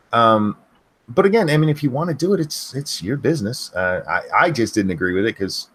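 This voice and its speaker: A man with a fairly low voice that rises and falls a lot hosts a casual live stream. He answers viewer questions bluntly, often stopping to restart with plenty of ums and uhs. His pitch swings widely. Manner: blunt, halting, many fillers and restarts. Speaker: stream host reading chat questions.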